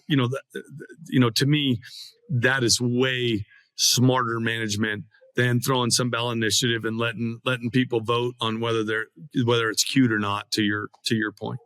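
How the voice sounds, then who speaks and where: A middle-aged man speaks as a guest in a casual interview, earnest and stumbling over restarts. His voice is bright and taut. The sound is dry and close. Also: mid-range voice, steady tone, dry recording. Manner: earnest, halting with repeated restarts. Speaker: guest, hunter.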